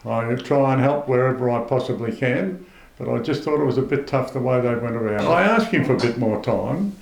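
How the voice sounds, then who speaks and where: Gravelly older Australian man with a mid-range voice. He recounts a grievance in plain, rambling, aggrieved speech and quotes himself and others as he goes. He is recorded in a roomy, echoing space. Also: medium pitch, brisk, darkish tone. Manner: aggrieved, retells dialogue in long runs. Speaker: farmer interviewee. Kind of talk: telling a story in casual chat. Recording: roomy echo.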